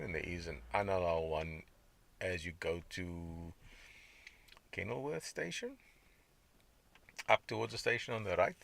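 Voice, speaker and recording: A man's voice: deep voice, gravelly, fairly bright tone. A man hosting his own podcast, talking in a rambling, conversational way and reacting to chat comments. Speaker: podcast host. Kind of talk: casual diet podcast monologue.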